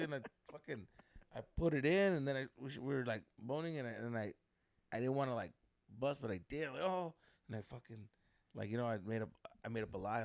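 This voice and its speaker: A young man co-hosting a podcast, telling a crude, animated story in casual chat with lots of swearing. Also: mid-range voice, fast talker, gravelly, no room sound. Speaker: podcast co-host.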